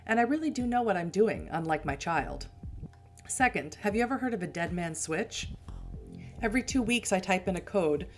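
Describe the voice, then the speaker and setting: A woman's voice: mid-range voice, lively intonation, moderate pace, faint music behind, natural voice. Woman reading as a cocky vampire techie. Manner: brash, casual, cocky. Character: cocky male tech specialist vampire.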